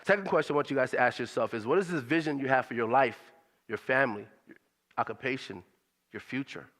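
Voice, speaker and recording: A man's voice: medium pitch, fast, fairly bright tone, long reverb tail. A man speaking at a church service in a conversational, motivational way, repeating his questions for emphasis.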